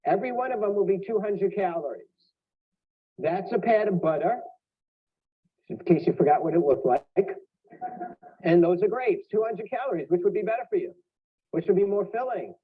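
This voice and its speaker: A man's voice: high-pitched, expressive, moderate pace, long pauses, husky. A man giving a live health lecture with props, joking and asking the audience questions. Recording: tinny phone-like archive audio.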